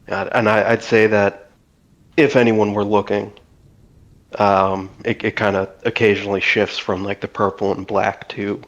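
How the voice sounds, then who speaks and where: A man's voice: on the low side, lo-fi sound. A man playing a tabletop game, describing his character's actions hesitantly with many fillers. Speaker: player.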